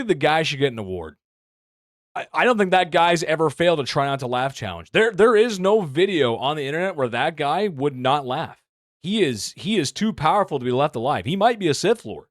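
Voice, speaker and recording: A man giving casual reaction commentary, excitable and joking, throwing in rapid asides. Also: on the high side, dry recording, studio quality. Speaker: commentary YouTuber.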